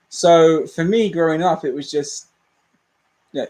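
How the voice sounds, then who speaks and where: A man's voice: a little high, normal speed, a little mellow, rough recording. A young man, rambling candidly and self-deprecatingly as a movie channel host in a casual livestream chat.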